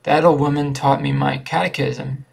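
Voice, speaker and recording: A man's voice: medium pitch, normal speed, creaky, breathy edge, poor audio. A man reading as a wary young husband. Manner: flat, barely changed reading voice.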